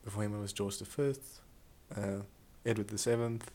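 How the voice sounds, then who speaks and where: A man co-hosting a casual comedy podcast, telling stories in an animated, chatty way and slipping into playful impressions. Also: on the low side, normal speed. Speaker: podcast co-host.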